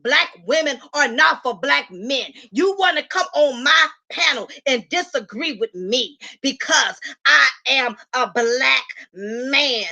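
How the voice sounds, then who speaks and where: A woman's voice: high voice, pushed and bright, full character voice. A woman voicing an indignant man who mockingly and repetitively scolds a woman on a panel.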